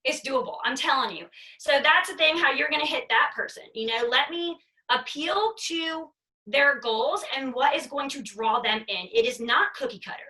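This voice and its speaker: A woman's voice: high voice, normal speed, bright, forceful tone, distant mic, poor audio. A woman leading a sales team training, talking in an emphatic, chatty way and repeating her points. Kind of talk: motivational training talk.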